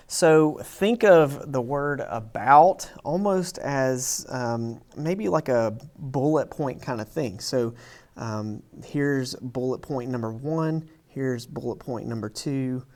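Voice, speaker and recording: A man teaching a writing lesson over slides, talking in a relaxed way with frequent ums and restarts. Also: mid-range voice. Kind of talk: casual lecture over slides.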